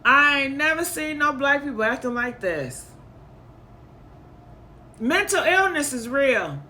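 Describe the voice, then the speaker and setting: Woman commentary host, slow and bright-toned, emphatic and indignant. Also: high voice, big pitch swings, a little hiss or hum. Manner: indignant, emphatic, repeats points. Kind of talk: reaction commentary.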